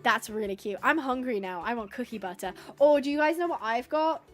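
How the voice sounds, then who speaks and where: Chatty high-voiced woman streamer. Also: fairly quick, soft background music. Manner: chatty, reads out chat suggestions, coos at animals. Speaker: livestreamer playing a horse-rescue game. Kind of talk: casual live-stream chat.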